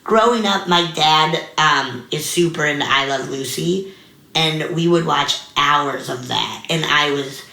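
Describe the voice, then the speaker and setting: A young woman comedian telling stories in a casual interview, animated and full of fillers, acting out the voices of others. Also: low-pitched, a little slow, vocal fry. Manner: animated, many fillers, acts out quoted voices. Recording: echoey room.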